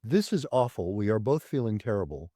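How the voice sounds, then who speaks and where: A man, a psychologist, speaking as a guest in a thoughtful, measured way, with an occasional soft laugh. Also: lowish voice, very animated, no room sound, clean studio sound. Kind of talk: conversational interview.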